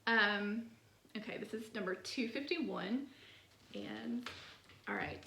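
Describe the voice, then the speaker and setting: A woman's voice: medium pitch, takes it slowly, creaky, reverberant. A woman hosting a poetry channel, talking through poems in a casual, chatty way, full of "like" fillers. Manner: chatty, many "like" fillers, soft laughs.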